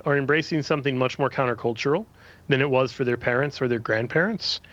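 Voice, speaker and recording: A man from Kansas City, a radio guest, explaining in a quick, chatty way and laughing easily. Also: mid-range voice, fairly bright tone, dull audio. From Kansas City, USA. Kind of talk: casual radio talk, explaining.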